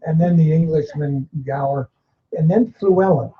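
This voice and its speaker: A man's voice: fairly high pitch, normal speed. A man in the audience asking a question at a seminar, chatty and hesitant. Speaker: audience member. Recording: muffled live recording.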